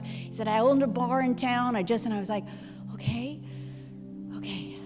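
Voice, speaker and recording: A woman's voice: on the high side, moderate pace, long pauses. A middle-aged woman pastor telling a personal story in a sermon, acting out both sides of the conversation. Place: church. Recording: long hall reverb with music behind.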